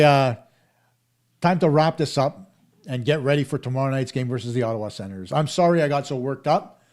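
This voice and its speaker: A man's voice: medium pitch, a little mellow. A middle-aged man hosting a live hockey talk stream, arguing his points emphatically and speaking straight to viewers. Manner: emphatic, argumentative, addressing viewers directly. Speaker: hockey show host.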